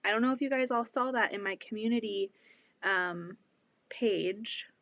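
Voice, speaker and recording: A woman chatting excitedly and a bit out of breath while showing quilts from her home sewing room, speaking into her laptop. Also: on the high side, a little fast, no room sound. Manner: chatty, excitable, laughs often. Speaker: quilting channel host. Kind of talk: casual livestream chat.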